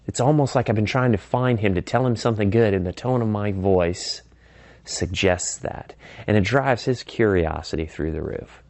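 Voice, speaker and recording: A man's voice: on the low side, moderate pace, a little mellow, no echo. A man teaching persuasion techniques in a conversational way, stopping often to act out sample phone calls. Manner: acts out sample phone calls in varied voices. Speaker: sales trainer. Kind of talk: instructional talk.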